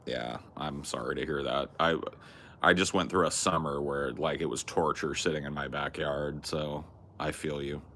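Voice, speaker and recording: A man's voice: very deep voice, fairly even intonation, normal speed, fairly bright tone, a little hiss or hum. A young man from California, casually bantering as a podcast host in a laid-back, crude, joking way.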